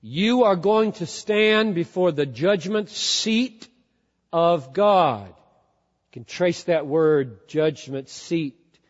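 A man preaching a sermon as pastor, emphatic, repeating key words and swinging from loud to hushed. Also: fairly high pitch, animated, very slow. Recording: dull lo-fi sound with long hall reverb.

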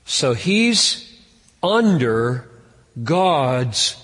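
Slow earnest guy preaching, voice climbs when he leans in, long hall echo. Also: sing-song, fairly bright tone, husky. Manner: earnest, rises in pitch and force on key points. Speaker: pastor. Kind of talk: sermon.

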